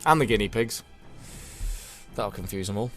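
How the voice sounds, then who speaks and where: A man's voice: on the low side, expressive, normal speed, fairly bright tone, soft background music. Self-deprecating man streaming a game. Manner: self-deprecating, chatty, reads chat aloud. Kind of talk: casual gameplay commentary.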